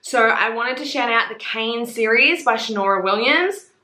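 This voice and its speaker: A young woman, talking bluntly and excitedly about books in a casual, sweary vlog. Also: fairly high pitch, moderate pace. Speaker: book reviewer. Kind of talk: casual book recommendation vlog. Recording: roomy echo.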